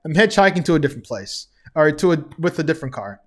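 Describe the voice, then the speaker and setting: A man's voice: on the high side, big pitch swings, fast. A young man casually recapping a TV episode, chatty and chuckling often between remarks. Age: young adult. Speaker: TV recap vlogger.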